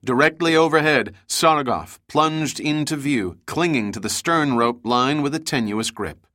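A man reading an action novel aloud as an audiobook narrator, with steady dramatic storytelling. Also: mid-range voice, a little slow, no echo, clean studio sound.

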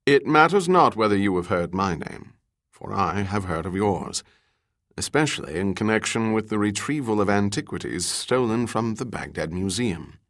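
Casting: male narrator as a courtly, low-voiced middle-aged gentleman, audiobook. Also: animated, normal speed. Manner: formal, courtly phrasing. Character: tall middle-aged gallant gentleman, baroque speech.

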